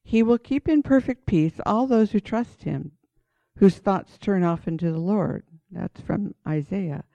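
Mellow-voiced woman giving an earnest sermon. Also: mid-range voice, unhurried, no room sound. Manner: earnest, emphatic, exhorting. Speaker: Bible teacher. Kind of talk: sermon-style Bible teaching with read-aloud passages. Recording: dull lo-fi dry recording.

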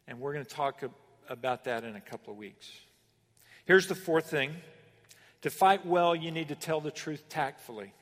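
A man preaching a sermon as pastor, animated and emphatic, with sudden rises and pauses. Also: on the high side, big-room sound.

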